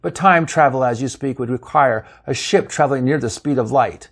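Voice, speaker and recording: Man reading a cool logical science officer, measured, cautious. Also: mid-range voice, slightly rough. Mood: calm.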